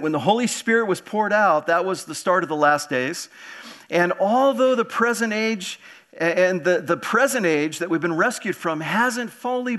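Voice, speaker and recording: A man's voice: sits high, fairly bright tone. A man preaching a sermon in a church, earnest and direct, often repeating words and asking the congregation questions. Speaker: pastor.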